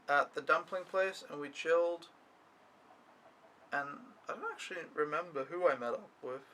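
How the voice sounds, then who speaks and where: This au pair vlogger is a young man whose voice sits a little high and sounds sharp, though the audio is poor. Speaking to camera for his casual weekly recap, he meanders, grumbles and swears a lot.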